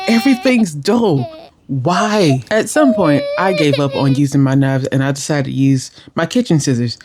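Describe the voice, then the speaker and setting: A young woman telling a cooking mishap in casual voice-over, animated, exasperated and poking fun at herself. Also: deep voice. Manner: animated and exasperated, self-deprecating. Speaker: cooking vlogger.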